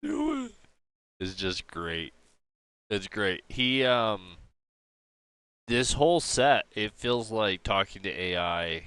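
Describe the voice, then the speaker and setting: Streamer dude rambling slow with lots of likes, crisp clear voice. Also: male voice, sits low, lively intonation, fairly bright tone, no echo. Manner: rambling, filler-heavy, amused. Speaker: livestream host. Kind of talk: casual chat over a stream.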